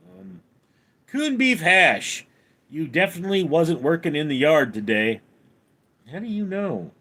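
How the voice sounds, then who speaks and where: A man hosting a livestream at home, reading chat comments aloud and answering them deadpan. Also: a little high, unhurried, slightly rough. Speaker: livestream host.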